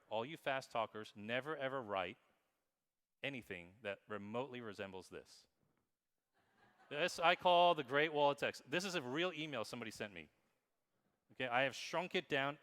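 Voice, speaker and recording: A man in his thirties giving a lively, emphatic keynote talk at a conference, speaking straight to the audience. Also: medium pitch, moderate pace, long reverb tail. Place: conference hall.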